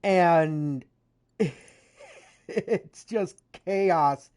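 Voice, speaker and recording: A woman's voice: fairly low pitch, drawn-out words, a little mellow. A woman streamer chatting casually over gameplay, rambling with frequent fillers and self-corrections. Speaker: gaming streamer.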